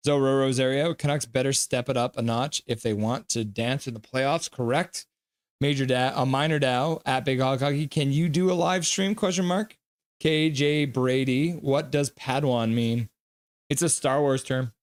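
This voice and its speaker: A man's voice: medium pitch, steady tone, moderate pace. A man hosting a live hockey reaction stream, reading viewer comments aloud by name and calling bits of the play. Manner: reads viewer chat aloud by name, mixed with loose play-by-play.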